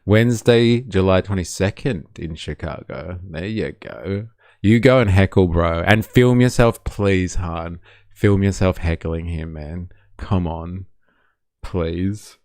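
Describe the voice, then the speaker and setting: A man talks over clips on his live stream, joking sarcastically with his chat and often breaking into laughs. His voice sits low and gravelly, and the sound is dry, with no room echo. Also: slow, darkish tone. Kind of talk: casual reaction commentary.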